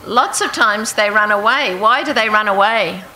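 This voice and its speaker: Bright-voiced woman teaching a Bible lesson. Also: medium pitch, normal speed, low-quality recording. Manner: asks the audience questions, reads verses aloud. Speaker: preacher.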